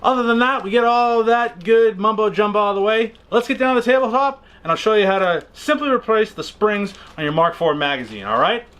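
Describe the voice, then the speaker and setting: A man's voice: sits high, expressive, a little fast, few pauses, a bit bright. A young man with a Boston accent hosting a casual gun-maintenance how-to, chatty and jokey, calling his viewers guys and bro. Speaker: gun channel host.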